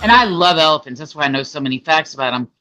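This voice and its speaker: A woman's voice: sits low, animated, very fast, sharp tone, lo-fi sound. A woman co-hosting a political livestream, blunt, chatty and swearing freely. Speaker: co-host. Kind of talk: casual political talk show chat.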